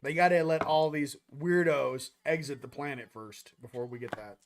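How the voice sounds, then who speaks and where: A man's voice: fairly high pitch, fairly even intonation, normal speed, a little hiss or hum. A young man hosting a casual spiritual livestream monologue, loose and slangy, rambling with quoted asides. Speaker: spiritual channel host.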